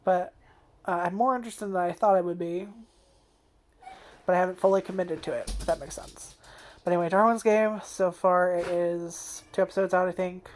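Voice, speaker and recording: A woman's voice: lowish voice, fairly even intonation, normal speed. A woman talking casually at home in a personal vlog. She rambles, swears a lot and lets her sentences trail off. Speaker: anime vlogger. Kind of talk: casual chat. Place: home, indoors.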